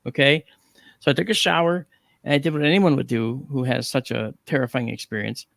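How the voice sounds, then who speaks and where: A middle-aged man on a talk panel, telling a story with animated, acted-out dialogue and frequent 'okay?' check-ins. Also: medium pitch, fairly quick, creaky, no echo, studio quality. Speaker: panel guest.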